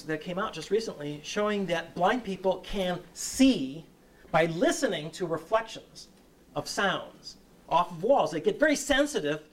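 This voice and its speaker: A man's voice: sits high, recorded from a distance. A man giving a lecture and answering audience questions, often hesitating, restarting and checking with "right?".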